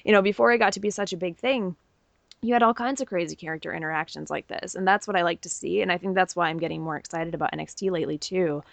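A woman's voice: lowish voice, fast, gravelly, dry recording. A woman co-hosting a podcast, giving an enthusiastic, opinionated casual recap. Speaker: podcast co-host. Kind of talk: casual wrestling recap chat.

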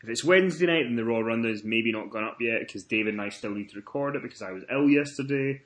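Fast and fairly bright in a mid-range voice, this Scottish-accented podcast host chats through wrestling stories, cursing freely and performing the quotes of the people involved.

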